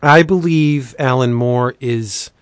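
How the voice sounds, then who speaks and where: A man hosting a casual podcast reads comic deals in a playful pitchman manner. His voice sits in an ordinary middle pitch. He is recorded close on a dry mic with no room sound. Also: slow, smooth, no room sound. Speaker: podcast host.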